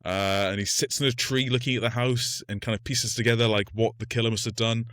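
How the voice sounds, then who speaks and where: A man's voice: medium pitch, steady tone, fairly quick, a bit bright, no echo. A man co-hosting a casual film podcast, recapping the plot loosely with lots of "like" and fillers. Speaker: podcast co-host.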